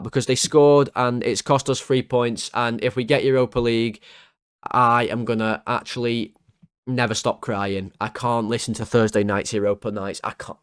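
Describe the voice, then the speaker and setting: A man, hosting a football fan channel and rating players in an exasperated, sarcastic rant full of comic exaggeration, his voice starting to go hoarse. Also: medium pitch, no room sound, clean studio sound.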